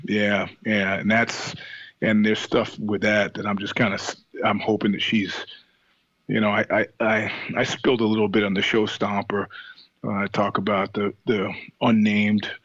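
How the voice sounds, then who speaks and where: A man being interviewed, telling stories in a casual, animated way, swearing and laughing often. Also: lowish voice, moderate pace, no echo, lo-fi sound. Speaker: guest.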